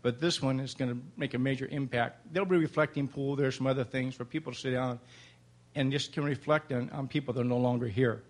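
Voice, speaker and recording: A man's voice: medium pitch, steady tone, quick pace. An older man in his seventies, a Vietnam veteran, giving an emotional, plainspoken public comment at a city council meeting.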